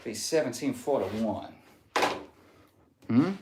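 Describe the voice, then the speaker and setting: A man's voice: medium pitch, animated, slow, heavy background noise. Laid-back man chatting on a stream. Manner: jokey, drifts into a mock Southern drawl. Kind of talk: casual live-stream chat reading comments.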